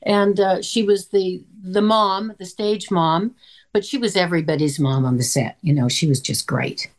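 An older woman from Canada, an actress guest chatting in an interview and telling lively stories with quoted voices. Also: on the low side, moderate pace. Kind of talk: conversational interview.

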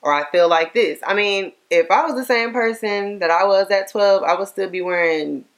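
A woman's voice: medium pitch, moderate pace. A young woman co-hosting a casual chat, chatty, full of rhetorical questions and "like". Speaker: podcast co-host.

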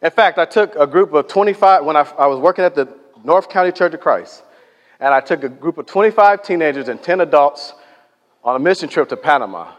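A man preaching in a church, his fairly high voice carried by a long hall echo. He tells stories in a loose, conversational way and acts out the people he quotes. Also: animated, brisk, muffled recording. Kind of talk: sermon. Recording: echoey hall reverb.

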